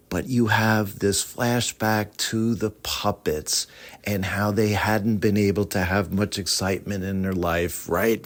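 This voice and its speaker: Animated man hosting a book podcast. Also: low-pitched. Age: middle-aged. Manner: animated, opinionated. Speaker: podcast host.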